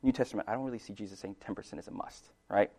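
Here a pastor gives a relaxed, chatty sermon, punctuated by "right?" check-ins and laughter, swinging from quiet to emphatic. His voice is on the low side, with vocal fry and a rapid-fire pace.

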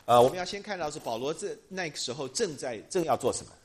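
A man interpreting a sermon live in a church, hesitating often and filling pauses with short filler sounds. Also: on the high side, expressive, husky.

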